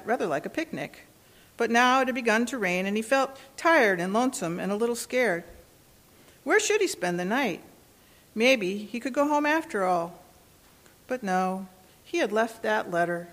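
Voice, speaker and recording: Female storyteller for kids' book, gentle, expressive, lots of pitch movement. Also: moderate pace. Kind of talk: children's storybook read-aloud.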